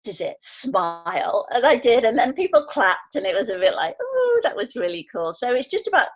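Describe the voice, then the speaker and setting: Animated storytelling woman in her fifties. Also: on the high side, slightly rough. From England. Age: 50s. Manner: animated storyteller, acting out quoted voices. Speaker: guest. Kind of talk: conversational podcast interview.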